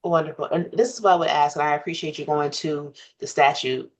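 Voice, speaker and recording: A man chairing a commission meeting, speaking in a measured, formal way with many pauses. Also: a little high, steady tone.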